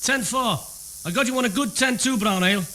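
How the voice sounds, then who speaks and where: An actor playing a helpful man on CB radio, talking quick, friendly radio jargon. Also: extremely high pitch, sharp tone, a little hiss or hum. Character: helpful Liverpool local male CB operator.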